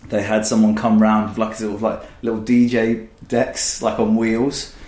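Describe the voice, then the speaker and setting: A man's voice: on the low side, level tone, normal speed, a little mellow, roomy sound. A man casually telling stories as a podcast guest, rambling and swearing freely. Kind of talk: casual storytelling.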